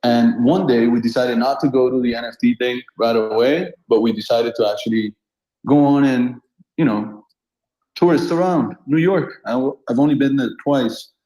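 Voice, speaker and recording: A man in his thirties from Colombia spins casual street-art anecdotes, laughing often along the way. His voice is mellow and dark-toned, sitting at an ordinary pitch. The sound carries a noticeable echo, as if recorded in a bare room. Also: moderate pace, highs cut off. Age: 30s. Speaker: guest street artist. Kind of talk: casual storytelling. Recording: roomy echo.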